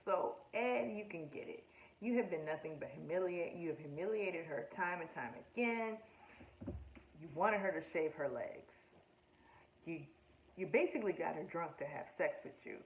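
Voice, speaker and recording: A woman's voice: on the low side, normal speed, a little hiss or hum. A woman talking casually and with strong opinions as she reviews a show, speaking straight to her viewers. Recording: echoey room, distant mic, faint ambience.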